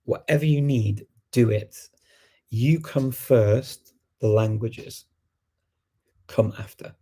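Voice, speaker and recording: A man's voice: mid-range voice, slow, warm tone, breathy edge. A man hosting a language learning show, giving casual, reassuring and encouraging advice.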